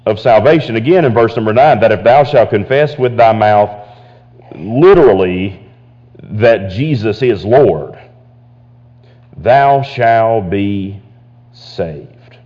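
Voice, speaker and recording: Preacher with a low voice in a reverberant hall. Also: male voice, animated, unhurried. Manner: repeats words and restarts, emphatic rises on key points. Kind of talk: sermon. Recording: dull lo-fi audio with long hall reverb.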